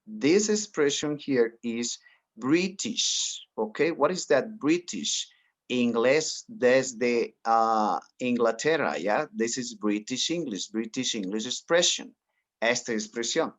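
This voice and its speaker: Encouraging teacher on a video call. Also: male voice, medium pitch, lively intonation, slow pace. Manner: encouraging, mixes in Spanish explanations. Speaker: English teacher. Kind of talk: online class instruction.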